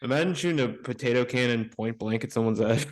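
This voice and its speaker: A man's voice: medium pitch, fast. Male podcast co-host, joking, argues back, casual banter over a call. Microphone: remote call mic.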